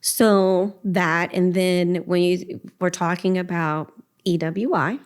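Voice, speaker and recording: A middle-aged woman shares her story as a podcast guest, earnest and emotional. Her voice sits a little low, and she often slips into quoting her own prayers. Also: fairly even intonation, slow pace, clean tone. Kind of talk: personal testimony in a podcast interview.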